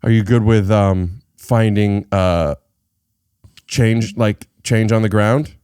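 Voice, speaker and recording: A man hosting a podcast in casual chat, measured and thoughtful with a wry edge. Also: lowish voice, steady tone, dark tone, clear, resonant tone, no room sound, clean studio sound. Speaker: podcast host.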